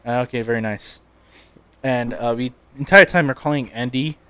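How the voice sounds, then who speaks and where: A man's voice: mid-range voice, moderate pace, bright, forceful tone, clear, resonant tone, dry recording. A young man in a casual podcast chat, telling a rambling story with lots of swearing and laughter.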